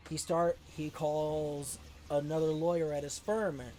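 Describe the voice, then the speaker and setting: A man's voice: fairly high pitch, unhurried. A man hosting his channel who tells a story casually over gameplay and keeps asking rhetorical questions. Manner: rhetorical questions, animated retelling. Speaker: channel host.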